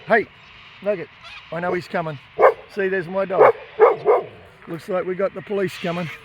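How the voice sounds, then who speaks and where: Defiant high-voiced Australian man. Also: fairly even intonation, moderate pace, very noisy. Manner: defiant, indignant, raises his voice to make points. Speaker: animal rights activist. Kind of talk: impassioned filmed monologue and confrontation. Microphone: phone camera held by speaker.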